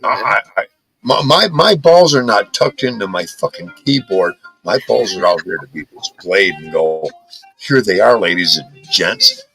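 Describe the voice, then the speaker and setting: A low-voiced man hosting a casual live chat, blunt and defiant with heavy swearing. His pitch swings widely as he pushes his points, and he stammers on his restarts. His tone is bright, with faint music behind. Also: animated, moderate pace, rough recording. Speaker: podcast host.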